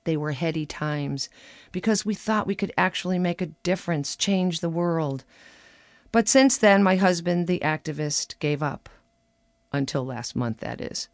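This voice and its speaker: A woman's voice: on the low side, lively intonation, a little slow, vocal fry, no echo, clean studio sound. Woman reading a wry personal essay. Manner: wry, conversational reading with quoted dialogue. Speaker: commentator.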